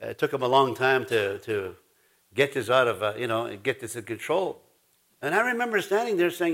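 A man's voice: medium pitch, expressive, normal speed, pauses often, fairly bright tone. A man preaching a sermon, telling rambling stories with restarts, laughter and many asides. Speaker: pastor.

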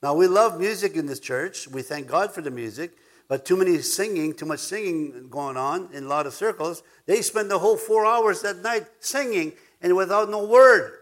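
A man's voice: high-pitched, moderate pace, a bit bright. A man preaching a sermon as pastor, emphatic, repeating words for stress and now and then chuckling.

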